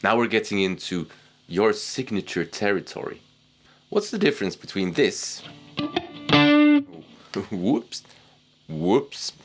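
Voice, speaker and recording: A man teaching guitar technique in a casual, relaxed way, poking fun at himself. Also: fairly low pitch, moderate pace. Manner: relaxed, self-deprecating, chuckles at himself. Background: guitar playing.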